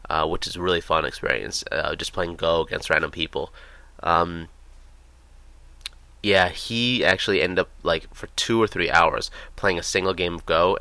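A man's voice: sits low, bright, forceful tone, no echo. A young American man telling casual, rambling stories in a chatty way, with many fillers. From United States. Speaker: vlogger. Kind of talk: casual storytelling.

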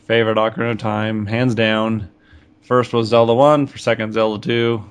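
A man co-hosting a casual gaming podcast, teasing with quick quips. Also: lowish voice, flat delivery, smooth. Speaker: podcast co-host.

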